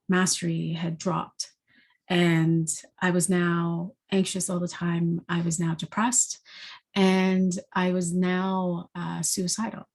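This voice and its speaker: Slow, husky-voiced woman telling her story. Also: fairly low pitch, darkish tone. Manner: halting, with many restarts and repeated words; earnest and heartfelt. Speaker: intuitive forecaster sharing a personal story. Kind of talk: personal storytelling.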